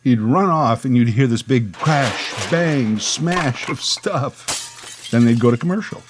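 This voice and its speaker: A man's voice: medium pitch, slow, background noise. A man telling a nostalgic childhood story in a wry, conversational way, full of asides. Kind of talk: storytelling monologue.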